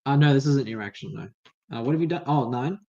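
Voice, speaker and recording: Hesitant game master, muffled audio. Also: male voice, mid-range voice, brisk. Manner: relaxed, hesitant with many fillers. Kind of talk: casual tabletop game narration.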